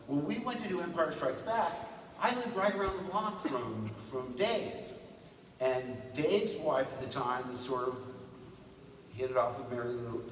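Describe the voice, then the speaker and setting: A man's voice: fairly high pitch, a little hiss or hum. A man in his sixties telling stories as a guest at a fan convention panel. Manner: animated, breaks into quick character voices. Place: large convention hall. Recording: roomy hall from a distance.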